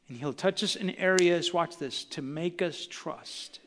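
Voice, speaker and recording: A man's voice: fairly high pitch, unhurried, big-room sound, background noise. A man preaching a sermon as pastor to his congregation, building intensity and acting out quotes. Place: church sanctuary.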